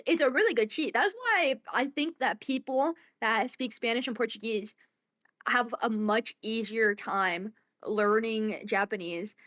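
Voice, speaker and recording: A young woman streaming a game, chatting casually and excitably and often giggling. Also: a little high. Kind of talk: casual gameplay commentary. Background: game music.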